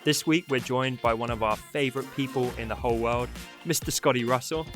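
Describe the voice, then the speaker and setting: A British man hosting a casual podcast chat, upbeat and quick to laugh. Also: mid-range voice, over music. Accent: British English. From Britain. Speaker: podcast host.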